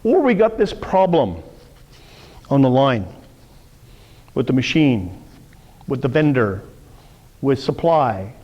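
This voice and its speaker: A man's voice: mid-range voice, big pitch swings, slow, pauses often, big-room sound, muffled recording. A middle-aged man teaching a live sales workshop, telling stories and acting out the voices of the people in them. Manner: storytelling, acts out quoted voices. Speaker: sales coach.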